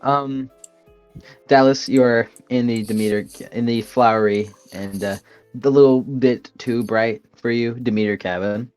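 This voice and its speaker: A man narrating as game master of a tabletop game, halting and filled with pauses. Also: mid-range voice, steady tone, a little mellow, clear, resonant tone, no room sound, faint music behind.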